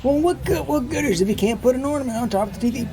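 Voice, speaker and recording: A man voicing an old woman who is baffled by a flat TV, quoted in a high, incredulous tone. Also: very fast.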